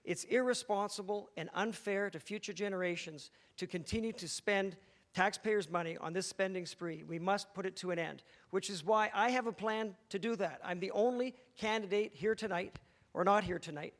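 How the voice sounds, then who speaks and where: A man giving a brisk, assertive opening statement at a political debate. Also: high-pitched, a bit bright. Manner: brisk, assertive, talking-point delivery. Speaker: political candidate. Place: large theatre stage.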